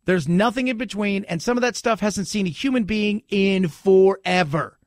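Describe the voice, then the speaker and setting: A man's voice: high-pitched, moderate pace, no echo, clean studio sound. A man hosting a talk radio show, giving opinionated commentary and hammering points home by repeating them. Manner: emphatic, repeats points for effect. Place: radio studio. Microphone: studio microphone.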